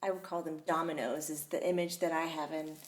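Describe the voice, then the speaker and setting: A woman's voice: sits low, level tone, a little fast. A woman hosting a talk show, chatting casually and closing with upbeat thanks to her listeners. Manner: upbeat, effusive sign-offs to listeners. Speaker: host.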